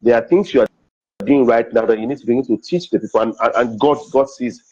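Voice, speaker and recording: A middle-aged Nigerian man with a husky, mellow voice tells personal stories in an interview. He acts out the quoted dialogue and repeats his lines for emphasis, like the comedian and MC he is. The recording sounds dull and a little lo-fi. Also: medium pitch, steady tone, fast talker.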